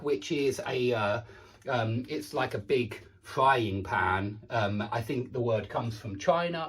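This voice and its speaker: An English man teaches pronunciation in a loose, chatty way, his pitch swinging widely as he drags out example words. He sits a little back from the mic, so the voice sounds slightly distant. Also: a little hiss or hum. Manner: chatty, thinks aloud, repeats sample words slowly. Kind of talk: casual online pronunciation lesson.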